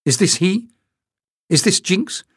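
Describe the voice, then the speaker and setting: A man's voice: high-pitched, expressive, slow, husky, no echo, clean studio sound, pitched above the performer's own voice, heavily acted. A man voicing a stern, proud young noblewoman who speaks in clipped, demanding sentences. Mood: urgent.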